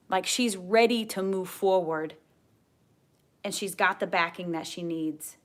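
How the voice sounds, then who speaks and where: A woman giving a tarot card reading to camera, gentle and earnest, often repeating her key phrases. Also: mid-range voice. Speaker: tarot reader.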